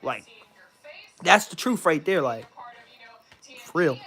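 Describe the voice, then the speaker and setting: Young man, high voice, rambling vlog rant, swearing, repetitive, mock-confident. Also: expressive, takes it slowly, a bit bright, breathy edge. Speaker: vlogger. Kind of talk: casual venting monologue to camera.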